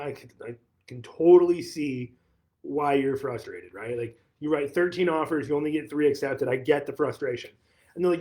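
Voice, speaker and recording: A man's voice: on the high side, darkish tone. A man who manages a real estate office, talking casually on a livestream and retelling a conversation, often repeating and restarting phrases.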